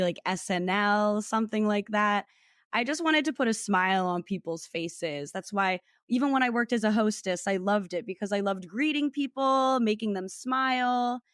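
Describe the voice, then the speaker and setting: A woman's voice: mid-range voice, a bit bright, no echo, clean studio sound. Bubbly young woman from New Jersey. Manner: bubbly, laughs often while talking. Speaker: guest, food content creator. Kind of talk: casual interview chat.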